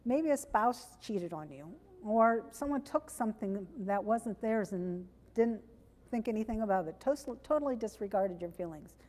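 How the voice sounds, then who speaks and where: Woman preaching in church, mellow voice, long echo off the walls, chatty and plain. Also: medium pitch, lively intonation, normal speed. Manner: plainspoken, conversational with self-corrections. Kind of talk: sermon. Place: church sanctuary.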